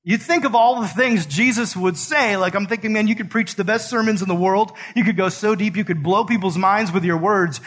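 Husky, high-voiced preaching man. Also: fairly quick, few pauses, a bit bright. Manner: earnest, conversational preaching with casual slang. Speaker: pastor. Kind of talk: sermon.

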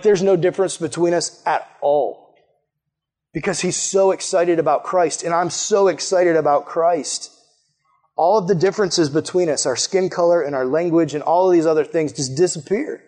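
A man's voice: sits high, darkish tone. A man preaching a casual sermon to young people, enthusiastic and chatty, often saying "like" and "man". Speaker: youth pastor.

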